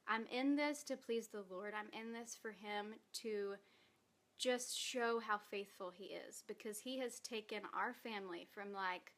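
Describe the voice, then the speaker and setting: A woman's voice: mid-range voice, measured pace, fairly bright tone. A woman giving an earnest, emotional personal testimony in a vlog, reading from her own post while holding back tears. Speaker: direct sales distributor.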